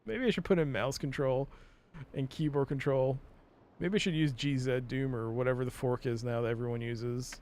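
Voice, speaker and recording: A man's voice: medium pitch, moderate pace, a little mellow. A young man streaming a game live, rambling and mocking himself as he talks to himself and his chat, full of fillers. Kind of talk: casual live-stream commentary.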